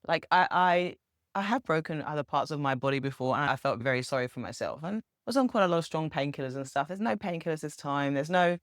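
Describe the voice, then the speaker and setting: A woman's voice: deep voice, no room sound, studio quality. A woman, talking casually and earnestly to camera as a spiritual vlogger. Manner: upbeat, earnest, chatty with small laughs. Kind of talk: casual reflective monologue.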